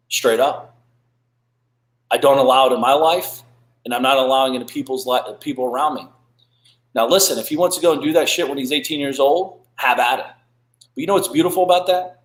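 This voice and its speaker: A man's voice: mid-range voice, a bit bright, roomy sound, poor audio. A man in his thirties hosting a podcast, giving blunt motivational talk that is preachy and full of swearing. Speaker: podcast host.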